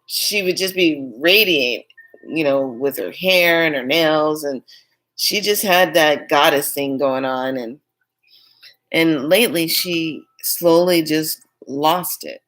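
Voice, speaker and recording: A woman telling a personal story in a candid, rambling, emphatic way. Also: low voice. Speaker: spiritual vlogger.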